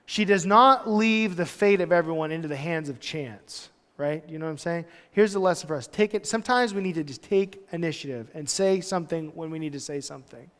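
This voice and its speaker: A man's voice: on the high side, a little fast, hardly any pauses, a bit bright, in a large hall. A pastor in his thirties giving a casual, storytelling sermon, full of loose conversational asides. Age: 30s. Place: church hall.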